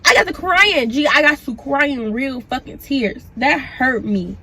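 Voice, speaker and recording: A young woman vlogger casually retelling a personal story, animated and profane, acting out the back-and-forth. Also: high voice, a little slow, background noise. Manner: animated, profane, acts out the dialogue.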